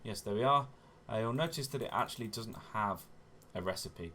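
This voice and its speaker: A man's voice: lowish voice, fairly quick, sharp tone, slight background noise. A man hosting a gaming channel, giving chatty step-by-step gameplay commentary and often correcting himself as he goes. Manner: chatty, self-correcting, often says "wonderful".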